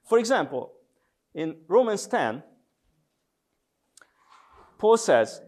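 A man lecturing on theology in a measured, deliberate way, with frequent hesitation sounds. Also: high-pitched, very animated, darkish tone. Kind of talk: theological lecture with scripture readings.

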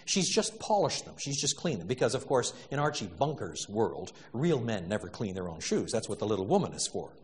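A man giving an animated storytelling lecture, full of restarts and stammers, building to laughing emphasis. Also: fairly low pitch, a little fast, hardly any pauses, in a large hall, slight background noise.

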